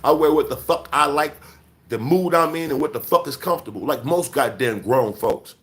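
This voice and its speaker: A man's voice: on the high side, moderate pace, fairly bright tone. Profane scolding man in his forties. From Chicago. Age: 40s. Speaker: livestream host. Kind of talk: livestream rant.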